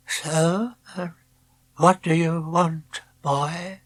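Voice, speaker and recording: A man voicing a very old, kindly painter in a storybook, speaking softly, slowly and a bit absently. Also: on the high side, steady tone, pitched above the performer's own voice. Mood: soft wandering. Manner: soft, slow, wandering speech.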